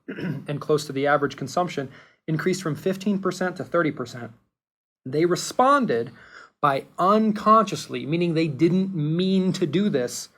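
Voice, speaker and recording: A man hosting a podcast, explaining nutrition research in an earnest way and repeating key points for emphasis. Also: fairly high pitch. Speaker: podcast host. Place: Seattle studio.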